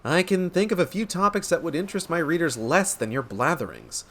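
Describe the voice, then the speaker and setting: A man's voice: fairly high pitch, sing-song, a little fast, fairly bright tone, pitched above the performer's own voice, exaggerated voice. Man voicing a sarcastic young woman reporter, dry, unimpressed.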